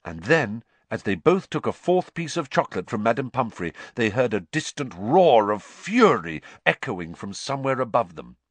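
A man reading an audiobook aloud, expressive and acting out each character. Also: medium pitch, moderate pace, hardly any pauses, dry recording. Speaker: audiobook narrator.

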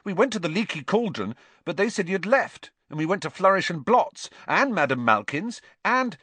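A man doing an excited teenage boy. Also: high voice, moderate pace, husky, no echo, pitched above the performer's own voice, exaggerated voice.

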